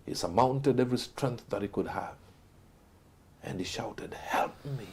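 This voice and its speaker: Husky man telling a dramatic story. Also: mid-range voice, unhurried. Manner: dramatic storyteller, voice swings from loud to hushed. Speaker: guest speaker. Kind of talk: motivational storytelling.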